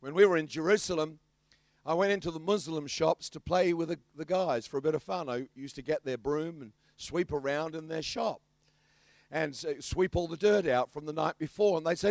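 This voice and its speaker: An Australian man preaching a sermon as pastor, telling stories in an animated, bantering way. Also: fairly high pitch, normal speed, no room sound.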